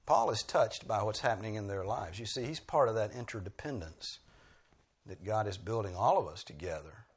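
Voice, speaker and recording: Man, preacher, expository sermon, emphatic bursts, husky tone, animated pitch. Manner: emphatic, rising bursts on key phrases.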